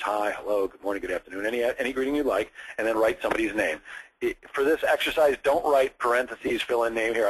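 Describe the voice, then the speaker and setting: A man's voice: mid-range voice, husky, low-quality recording. A man coaching a student on phone sales scripts, explaining step by step with direct examples. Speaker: sales trainer.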